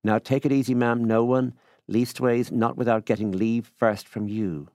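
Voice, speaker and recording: A man's voice: mid-range voice, steady tone, moderate pace, a little mellow, dry recording, studio quality, pitched above the performer's own voice, lightly acted. A man reading a literary story, voicing a wheedling middle-aged Irish country farmer in an affable, folksy way. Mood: coaxing.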